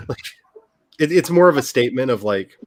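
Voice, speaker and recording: A man hosting a casual talk among writers, chatty and animated, often restarting his sentences. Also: medium pitch, moderate pace, dry recording. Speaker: author and channel host. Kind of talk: casual chat.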